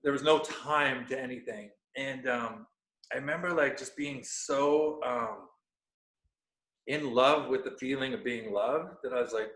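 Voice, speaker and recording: A man in his thirties appears as a podcast guest, earnestly telling a personal story while searching for words through many fillers. His medium-pitched voice is fairly bright and moves at a measured pace, recorded in an echoey room.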